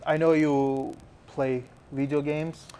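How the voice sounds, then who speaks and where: Host with halting, broken phrasing. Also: male voice, a little high, little pitch movement, warm tone, clean tone. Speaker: talk show host. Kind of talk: interview questions.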